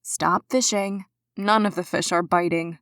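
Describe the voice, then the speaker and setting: A woman reading an audiobook, voicing a sick, tired young woman who teases her friend in a slow, weary way. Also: fairly low pitch, steady tone, a bit bright, dry recording, clean studio sound. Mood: teasing.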